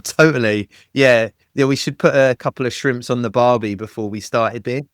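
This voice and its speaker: A man's voice: mid-range voice, steady tone, normal speed, dry recording, clean studio sound. Chatty English man hosting a podcast. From Britain. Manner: chatty, jokey, friendly banter. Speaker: podcast host. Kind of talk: casual podcast chat.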